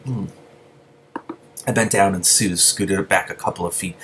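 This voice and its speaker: A man's voice: low voice, fairly even intonation, measured pace, a bit bright, slight background noise. A man reading a novel aloud and breaking in with gushing asides. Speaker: reader.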